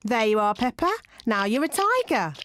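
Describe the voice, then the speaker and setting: An actress playing a cheerful, busy rabbit woman in a children's cartoon, brisk and chirpy. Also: a little high, big pitch swings, a bit bright, a little hiss or hum.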